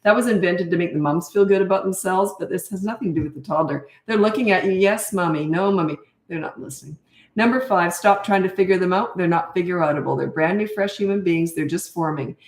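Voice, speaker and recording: A woman's voice: lowish voice, fast talker, echoey room. An older woman and parenting coach from Canada, chatting casually and bluntly in a live Q&A, laughing often and losing her thread.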